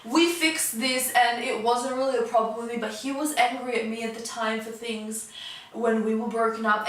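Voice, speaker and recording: A woman in her twenties telling a storytime vlog in casual chat, animated and fast, dropping low and jumping high. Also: a little hiss or hum. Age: 20s. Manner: animated, fast-talking, swings from low mutters to high outbursts. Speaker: vlogger. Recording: echoey room, voice a bit far from the mic.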